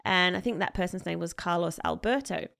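A woman's voice: on the low side, a little fast, creaky, a bit bright. A woman co-hosting a podcast, retelling a story in casual chat with lots of fillers and acted-out quotes. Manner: chatty, many fillers, acts out quoted people. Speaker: podcast co-host.

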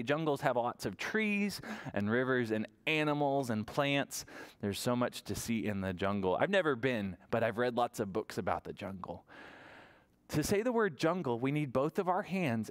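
Animated male children's librarian. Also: mid-range voice. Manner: animated, sing-song voice for small children. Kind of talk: virtual toddler story time.

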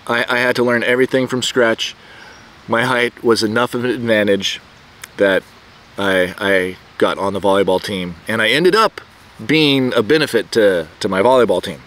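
Middle-aged man, casual self-told story, halting delivery full of restarts, mid-pitched voice, outdoors. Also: fairly bright tone. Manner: rambling, halting, many restarts and fillers. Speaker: vlogger telling a personal story. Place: outdoors, birds nearby.

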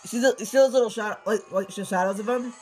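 A high-pitched teenage boy talks through a game in loose, casual commentary, tripping over his words and breaking into sudden exclamations. Faint game music plays softly behind him. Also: fast talker, slightly rough, low-quality recording. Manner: excitable, rambling, frequent restarts and exclamations. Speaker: gameplay commentator.

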